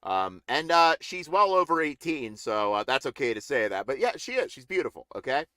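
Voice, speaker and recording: A man's voice: medium pitch, very animated, a little fast, hardly any pauses, sharp tone, no echo, studio quality. A middle-aged man ranting in a casual political live stream, rambling and indignant with many restarts.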